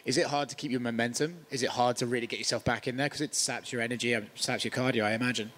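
A man interviewing a fighter after a bout, asking questions in a rapid run. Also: mid-range voice, fairly even intonation, a bit bright, slight background noise.

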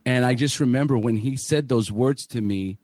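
A man's voice: mid-range voice, moderate pace, darkish tone, dry recording. Man, casual podcast storytelling, candid, swearing, fillers, dry sound. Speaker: podcast host.

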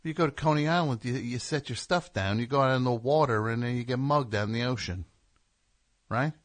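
A man from New Jersey hosts a call-in radio show, tearing into things with sarcastic, ranting comic riffs. His voice sits at an ordinary middle pitch. It is recorded dry and close, with no room sound. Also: a little fast, no room sound.

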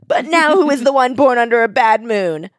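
A woman's voice: a little high, lively intonation, moderate pace, dry recording, clean studio sound, pitched above the performer's own voice, lightly acted. A woman reading aloud as a vengeful witch who gloats theatrically over her victim. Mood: gloating. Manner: triumphant, theatrical, mocking.

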